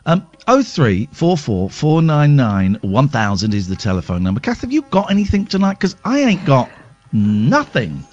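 A man's voice: mid-range voice, huge pitch swings, moderate pace, darkish tone, soft background music. Teasing man hosting radio from home. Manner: joking, teasing, rambling with fillers. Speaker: radio show host. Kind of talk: radio show chat. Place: home, with kids nearby. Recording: muffled remote radio sound.

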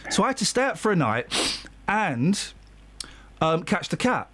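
A man's voice: high voice, sing-song, a little slow, a bit bright. A man hosting a casual radio show, telling a rambling story and teasing his co-hosts with mock outrage. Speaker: radio host. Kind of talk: casual studio banter. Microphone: studio microphone.

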